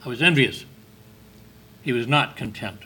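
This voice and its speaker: A man delivers a sermon in a husky voice with a bright, forceful edge. He talks to his listeners like a conversation and keeps asking them questions. He lifts his voice to stress key words and reads scripture in old-fashioned phrasing. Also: mid-range voice, normal speed. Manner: conversational preaching with rhetorical questions and emphatic lifts; reads scripture in King James wording. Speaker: preacher.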